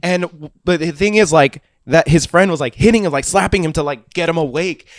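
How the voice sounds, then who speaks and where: A young man on a podcast spins a wild party story, swearing freely and laughing as he talks. His voice sits a touch high, and the sound is close and dry with no room ring at all. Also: fairly quick, dry recording. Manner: profane, animated, laughing through the story. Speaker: podcast host. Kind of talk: casual storytelling chat.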